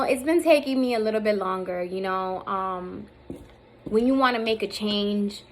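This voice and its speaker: In a low-quality recording, a woman in her thirties talks to her own phone or camera with a mid-range, fairly bright voice. The vlog is candid and rambling, thick with fillers, and she comes close to tears at moments.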